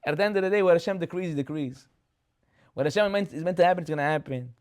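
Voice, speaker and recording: A rabbi giving a chatty Torah class, telling the stories with animation, acting out the characters and asking rhetorical questions. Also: male voice, fairly high pitch, fast.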